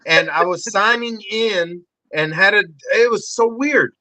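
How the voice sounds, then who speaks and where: A man in his forties, a podcast guest telling wild stories with swearing and excitable energy. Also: a little slow, no room sound, rough recording. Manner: excitable, swearing, acts out voices in high shouts. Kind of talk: animated storytelling.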